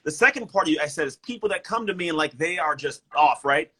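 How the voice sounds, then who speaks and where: Energetic motivational guy, quick talker, bit husky, keeps restarting words. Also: fairly high pitch, low-quality recording. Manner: energetic, emphatic, repeats words. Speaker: motivational speaker and coach. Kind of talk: casual motivational talk. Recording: livestream guest.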